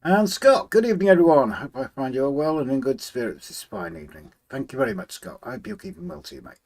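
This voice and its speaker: A man hosts a relaxed livestream from his model railway room. He reads out viewer comments, greets each person by name in a friendly, chatty way, and hums to himself while he tinkers with the layout. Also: medium pitch, fast, vocal fry. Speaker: livestream host. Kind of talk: casual live chat, reading out viewer comments.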